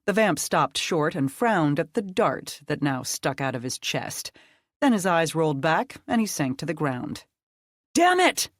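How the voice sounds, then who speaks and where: An audiobook narrator reading a dark fantasy story in a steady, measured way. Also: mid-range voice, no room sound, studio quality.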